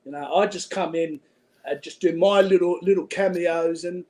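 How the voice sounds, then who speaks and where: A man's voice: high-pitched, steady tone, moderate pace, a little mellow, a little hiss or hum. A man with an Australian accent, a guest calling in, talking in a rambling, chatty way and swearing freely. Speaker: call-in guest. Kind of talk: casual chat.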